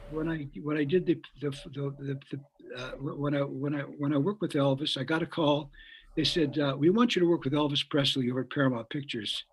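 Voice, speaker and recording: An older man with a slightly high-pitched voice and a faint hiss behind him. He tells his story in a rambling way and repeats words. He acts out the voices of the people in it. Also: poor audio. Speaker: guest musician. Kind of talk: anecdotal storytelling.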